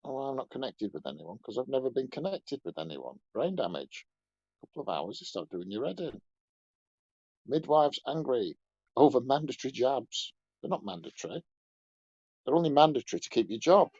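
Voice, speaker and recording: A man's voice: mid-range voice, big pitch swings, moderate pace, a little mellow, slightly rough, dry recording, lo-fi sound. A man voicing a leering old male showbiz entertainer who mumbles, rambles and makes crude asides, ending his lines with "you see". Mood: mumbling. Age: older. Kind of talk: comic character impression on a podcast.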